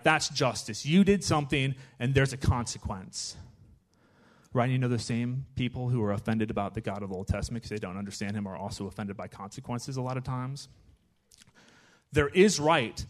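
A man giving a casual, conversational sermon in a church, chatty and animated, often checking in with his listeners. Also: medium pitch. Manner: chatty, animated, with frequent "right?" asides. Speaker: guest preacher.

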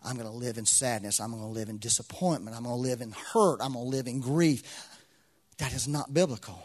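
A man's voice: medium pitch, brisk, a little mellow, breathy edge. A man preaching a sermon to a congregation, repeating phrases with swelling intensity. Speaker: pastor.

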